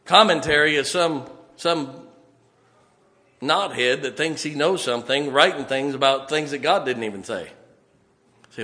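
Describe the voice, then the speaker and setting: A man preaching a fiery, folksy sermon, building emphatically to loud peaks. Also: medium pitch, a little slow, pauses often. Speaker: pastor. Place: church sanctuary.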